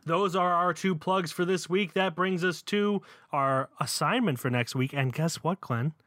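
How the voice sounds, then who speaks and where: A man's voice: on the high side, measured pace, fairly bright tone, no room sound, clean studio sound. A man co-hosting a casual podcast, talking in a rambling way with many fillers and restarts. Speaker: podcast co-host. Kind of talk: casual chat.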